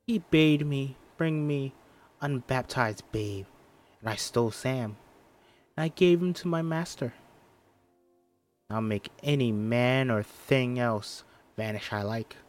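A man's voice: mid-range voice, slow, long pauses, soft background music, natural voice. A man reading the part of a defiant teenage Puritan girl, delivering threats in old-fashioned language in his own voice. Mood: menacing.

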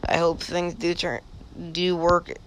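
A man's voice: fairly high pitch, completely flat delivery, slow, a bit bright, slight background noise. A man voicing a brash tough pup. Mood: hopeful.

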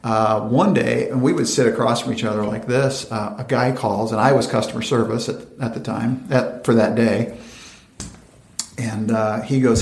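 A man, a company founder, telling stories in an interview and acting out quoted dialogue in lively voices. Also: mid-range voice, normal speed. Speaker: venture capital founder, interview guest. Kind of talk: conversational storytelling interview. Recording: roomy echoey room.

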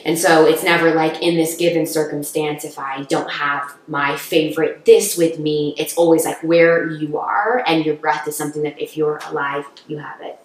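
An earnest young woman talks in a slightly low voice, encouraging and thoughtful. She sounds like a guest on a podcast. The room around her rings with heavy echo. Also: fairly even intonation, moderate pace, few pauses, a little hiss or hum. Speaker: guest, actress. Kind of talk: reflective podcast conversation. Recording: echoey room.

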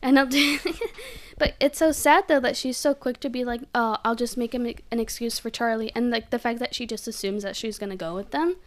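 Young woman co-host, slightly high pitch, animated casual movie recap. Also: brisk. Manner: animated, giggly, lots of "like". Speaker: podcast co-host.

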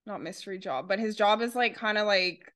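A woman's voice: medium pitch, brisk, fairly bright tone. Thoughtful young woman in book chat. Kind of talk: casual book-podcast chat.

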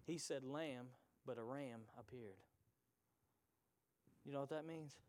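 A man preaching a sermon to his congregation, moving between hushed whispers and shouted peaks and calling out to the listeners directly. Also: medium pitch, unhurried. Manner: call-and-response preaching, addresses congregation directly.

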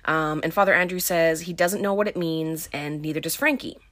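A woman's voice: sits low, fairly quick, fairly bright tone, no echo. A young adult woman casually recapping a film's plot, chatty and filled with "um" and "like". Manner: chatty, full of "um" and "like". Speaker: film recap host.

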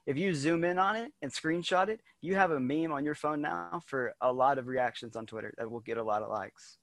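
A man with a slightly raised voice, chatting about basketball on a casual podcast. He jokes freely and reacts fast. The sound is dry and close, with no room echo. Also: fairly high pitch. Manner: animated, jokey, quick reactions. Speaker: podcast co-host. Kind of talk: casual sports chat.

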